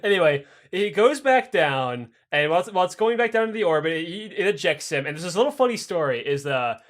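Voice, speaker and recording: A man's voice: sits high, sing-song, brisk. A man co-hosting a comedy history podcast, telling the story in a rambling, profane way full of laughter. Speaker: podcast co-host.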